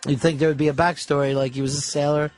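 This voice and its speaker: A man's voice: a little high, little pitch movement, fast talker, a little mellow, soft background music. A man hosting a radio talk show from a studio, who asks dry, pointed questions and takes calls.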